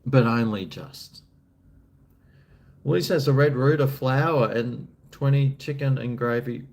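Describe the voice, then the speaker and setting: A man's voice: mid-range voice, a little slow, darkish tone, a little hiss or hum. An Australian man chatting casually on a live stream, answering chat in a laid-back, rambling, jokey way.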